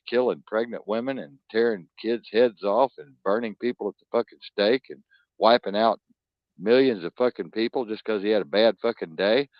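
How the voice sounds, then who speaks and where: A man's voice: on the low side, no echo. A man hosting a talk show, ranting bluntly and profanely in a rambling, emphatic way. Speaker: podcast host. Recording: dull lo-fi dry sound.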